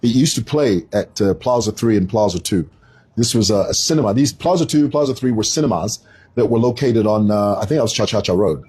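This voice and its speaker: A Zambian man in his fifties with a Zambian accent, giving casual commentary in an animated, digressive storytelling manner. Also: lowish voice, a little fast, breathy edge.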